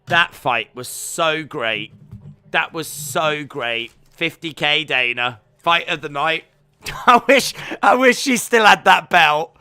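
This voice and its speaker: Excitable man shouting fight reactions. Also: a little high, takes it slowly, smooth. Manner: excitable, shouting and exclaiming in bursts. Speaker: live stream watch-along host. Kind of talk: live fight reaction commentary.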